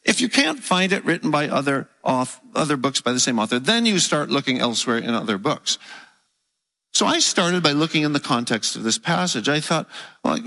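A man preaching a teaching sermon, explaining step by step and slowing down to stress key words. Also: a little high, very animated, sharp tone, in a large hall.

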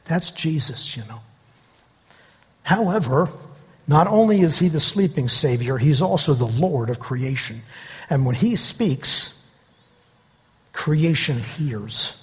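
Husky guy preaching, tells stories and does little voices for the people in them, big echoey church hall. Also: fairly high pitch, slow, long pauses. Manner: animated storytelling, acting out quoted voices. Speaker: pastor. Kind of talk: sermon.

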